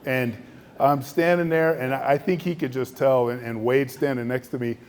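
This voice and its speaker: A middle-aged man, an Air Force general, telling a story in a luncheon speech and acting out the other voices. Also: moderate pace. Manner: animated storytelling, acts out other voices with raised pitch.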